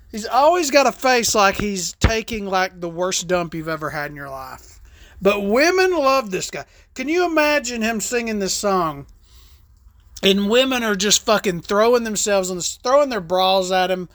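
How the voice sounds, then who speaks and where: A woman's voice: fairly low pitch, a bit bright, dry recording. A woman hosting a podcast, talking in a casual, rambling, profane and joking way. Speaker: podcast host.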